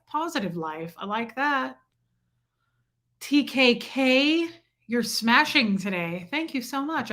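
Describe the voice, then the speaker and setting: A woman's voice: fairly high pitch, bright, forceful tone. A woman hosting a casual livestream, greeting viewers by name and chatting about her day; she mentions her son and living in Michigan. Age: adult with a child. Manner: chatty, reads out viewer names in a roll call. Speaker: livestream host.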